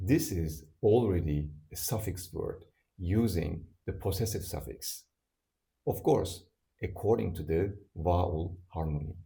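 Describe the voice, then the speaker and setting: A man's voice: deep voice, mellow. A man teaching a scripted language lesson, explaining rules step by step and repeating each example word for learners.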